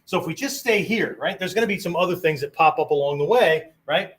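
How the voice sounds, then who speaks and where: A man teaches martial arts in a loose, conversational lecture style, peppering his sentences with "right?" and "okay?" and sometimes demonstrating different tones of voice on quoted phrases. His voice is a little above the usual male pitch, a bit bright and breathy, with lively intonation and a slightly fast pace.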